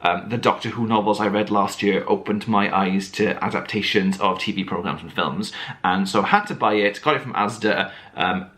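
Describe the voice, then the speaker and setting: A man's voice: on the low side, normal speed, a bit bright. A man chatting to camera as a book vlogger, rambling with lots of fillers and restarts. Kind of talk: casual chat to camera.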